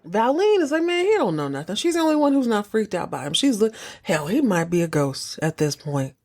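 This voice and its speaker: A woman hosting a podcast, recapping a TV episode in casual chat, jokey and animated, acting out the characters' lines. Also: mid-range voice, a little fast.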